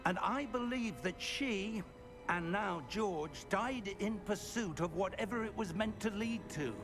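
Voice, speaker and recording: An actor playing a calm, earnest older male professor mentor in a video game, speaking in a measured and courteous way. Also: high-pitched. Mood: solemn. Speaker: game character. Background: game music.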